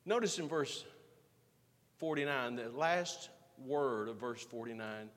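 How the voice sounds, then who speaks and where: A man preaching a sermon as pastor, swinging from emphatic rising lines to quiet, hushed asides. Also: medium pitch, expressive, slow pace, long reverb tail.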